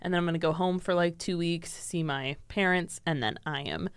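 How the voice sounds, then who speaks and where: A woman's voice: fairly low pitch, moderate pace, clear, resonant tone, no room sound. A young woman with an American accent, a podcast guest chatting candidly and swearing casually. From Scotland. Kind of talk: casual chat.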